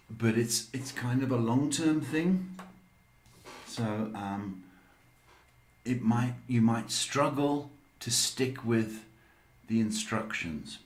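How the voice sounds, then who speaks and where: Slow, hesitant man with an echo. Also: mid-range voice. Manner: hesitant, many ums. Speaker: psychic reader. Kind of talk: live-stream reading.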